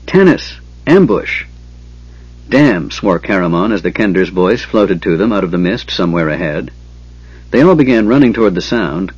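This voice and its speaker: A man narrating an audiobook with steady, measured storytelling. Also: fairly low pitch, breathy edge, no echo, muffled recording.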